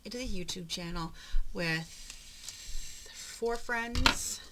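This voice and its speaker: A woman vlogging as she flips through her craft journal, chatting in a rambling, talkative way with frequent soft murmured asides. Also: medium pitch, takes it slowly, very noisy. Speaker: papercraft vlogger. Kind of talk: casual chatty narration during a journal flip-through.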